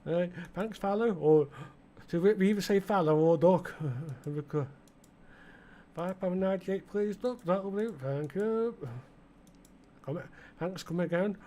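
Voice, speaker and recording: A middle-aged gaming channel host with an East Midlands English accent, his voice sitting high, a little slow and mellow. In casual let's-play commentary he rambles and chats with plenty of fillers, talking to the game's customers as he plays.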